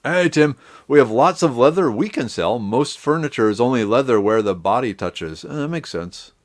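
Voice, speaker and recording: In a medium-pitched voice at a moderate pace, a middle-aged man rambles casually to his live-stream audience. He addresses viewers by name as they come in.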